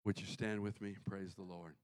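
A middle-aged male pastor preaching a sermon, swinging from loud exclamations to quiet asides. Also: low-pitched, flat delivery, moderate pace, no room sound.

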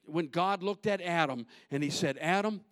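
High-voiced preacher shouting to his church. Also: moderate pace, no echo, clean studio sound. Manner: builds to shouting peaks, drops to low asides; folksy, repetitive, call-and-response. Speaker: pastor. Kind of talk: sermon.

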